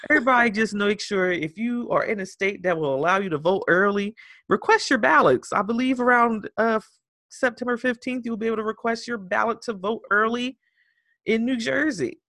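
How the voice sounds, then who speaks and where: A woman co-hosting a podcast in casual chat, animated and profane, who often slips into impressions of other people. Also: on the high side, moderate pace, no echo, studio quality. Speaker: podcast co-host.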